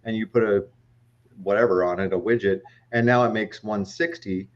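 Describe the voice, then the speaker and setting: A man on a casual live-stream chat, explaining technical results quickly and matter-of-factly. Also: fairly low pitch, steady tone, dull audio. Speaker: co-host and dyno tester.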